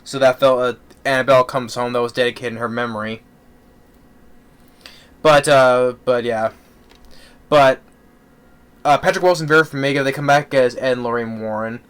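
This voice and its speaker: A man's voice: medium pitch, fairly even intonation, moderate pace, pauses often, a bit bright, smooth. A man giving a casual spoken movie review, rambling with many fillers and restarts.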